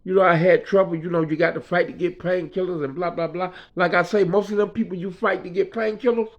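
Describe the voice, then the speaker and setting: A man's voice: high voice, fairly even intonation, quick pace. A man casually telling a rambling story about his hospital stay, talking as a patient and often asking "you know what I mean". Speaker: vlogger telling a personal story. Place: hospital room. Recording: dull lo-fi sound.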